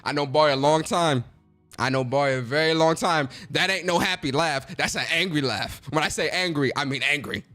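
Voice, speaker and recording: A man hosting a casual reaction video, talking in excitable slang and laughing a lot. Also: on the high side, a little fast, soft background music. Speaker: host.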